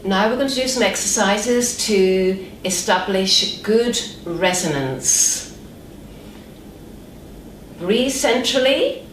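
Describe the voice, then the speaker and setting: A woman voice coach guiding a resonance exercise in a soothing, very slow voice. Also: medium pitch, slight background noise. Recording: distant echoey room with soft music.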